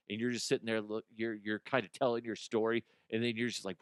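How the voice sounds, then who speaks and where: A man's voice: lowish voice, fairly even intonation, fast, few pauses, fairly bright tone, smooth, no echo, clean studio sound. A man hosting a comedy news show, ranting casually and profanely, rambling and acting out imagined people.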